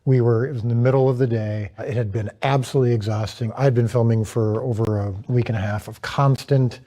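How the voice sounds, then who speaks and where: Mellow-voiced man, candid director. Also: mid-range voice, brisk. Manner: animated, acts out his own reactions. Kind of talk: candid storytelling in a panel chat.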